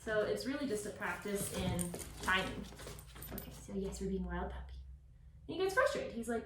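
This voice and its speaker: A woman dog trainer explaining a puppy session, switching between calm explanation and high, bright praise for the dog. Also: fairly quick, slight background noise. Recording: echoey, from a distance.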